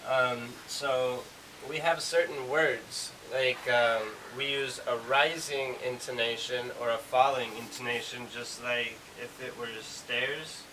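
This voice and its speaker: A man's voice: medium pitch, steady tone, slow pace. Guy teaching english, loose and rambly, mid voice, hissy far-off mic. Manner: casual, rambling explanations with many fillers. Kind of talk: explaining a language lesson.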